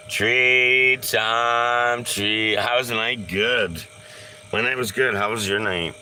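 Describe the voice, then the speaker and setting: A man casually chatting on a live stream, slow and easygoing, sometimes cooing to his dog. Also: lowish voice, pushed and bright, a little hiss or hum.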